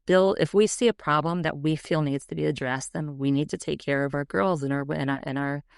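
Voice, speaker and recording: A woman educator and author speaking as a podcast guest, animated and often acting out quoted voices. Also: sits low, brisk, vocal fry, clean tone, dry recording, studio quality. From United States. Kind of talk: podcast interview.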